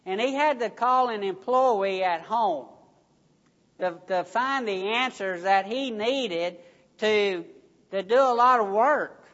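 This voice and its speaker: A preacher delivering a sermon, telling a story slowly with emphatic stresses, in a church hall. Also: medium pitch, fairly bright tone. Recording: dull recording, long hall reverb.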